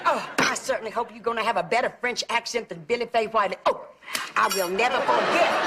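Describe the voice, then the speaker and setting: Actress as a talkative aunt, middle-aged, fussy about words; higher voice, noisy old TV audio. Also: female voice, natural voice. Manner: chatty, gossipy, fussy about pronunciation. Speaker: sitcom aunt. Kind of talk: sitcom acting.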